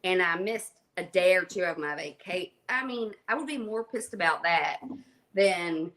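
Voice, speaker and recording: A woman's voice: fairly low pitch, lively intonation, normal speed, a bit bright. A woman chatting casually and frankly, swearing offhand and teasing. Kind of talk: casual chat.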